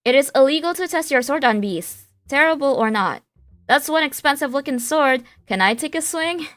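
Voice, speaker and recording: A woman doing an impression of a grumpy, stern male office worker from a cartoon, flat and scolding. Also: sits high, normal speed, no echo, voice pushed up.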